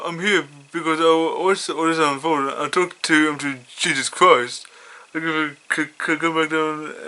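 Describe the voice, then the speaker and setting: A man's voice: fairly high pitch, pushed and bright. A man doing a kindly fatherly ghost. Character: kindly ghost of a grown man, school cook.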